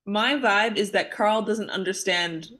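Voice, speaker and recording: A woman's voice: medium pitch, measured pace, a bit bright. A woman playing a tabletop game, chatting in a giggly, playful way. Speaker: player. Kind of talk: casual tabletop play.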